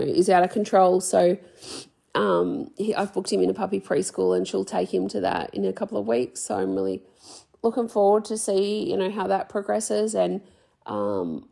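Gravelly woman chatting on a podcast. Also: on the low side, dark tone. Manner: rambling, swears freely, self-deprecating. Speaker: podcast host. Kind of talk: casual solo podcast chat.

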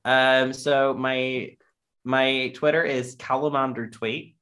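A man's voice: medium pitch, steady tone, slow pace, fairly bright tone. A young man guesting on a podcast in casual chat, playful and giggly.

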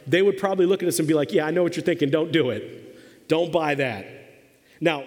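Pastor, male, 40s, chatty comic sermon, slightly high voice, church reverb. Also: darkish tone. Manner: humorous, conversational, asks the audience questions.

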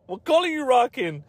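A man's voice: very high voice, no room sound, voice pushed up, full character voice. A man voicing a swaggering male street gang member who taunts others and keeps calling them fool.

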